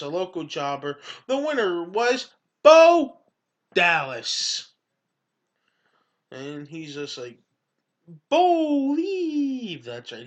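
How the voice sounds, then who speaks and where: A man's voice: fairly high pitch, bright, forceful tone. A young man giving a casual, rambling recap of a wrestling show as its regular host. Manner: rambling, hypes openings, retells quotes.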